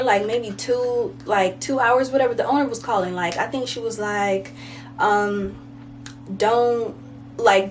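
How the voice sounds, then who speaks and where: A woman's voice: fairly high pitch, a little mellow. A woman telling a casual storytime, rambling and slangy, full of fillers like "like" and "you know". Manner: slangy and conversational. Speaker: vlogger.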